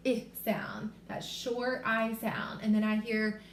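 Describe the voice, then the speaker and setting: A woman teaching a remote reading lesson to young children, sounding out letters and words slowly and clearly. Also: a little high, fairly bright tone. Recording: echoey room with faint noise.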